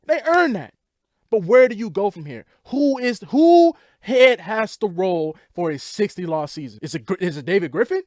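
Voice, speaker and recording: A man's voice: high-pitched, lively intonation, normal speed, darkish tone, no echo, clean studio sound. A young man hosting a sports vlog, giving casual commentary as an exasperated fan on a rant. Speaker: sports podcast host.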